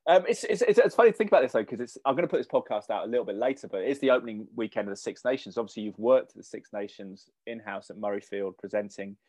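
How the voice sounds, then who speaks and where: A man hosts a podcast in a lowish voice, talking rapidly and animatedly. The sound is dry and close, with no room around it. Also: dry recording. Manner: quick, animated, repeats words. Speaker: podcast host. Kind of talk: casual interview.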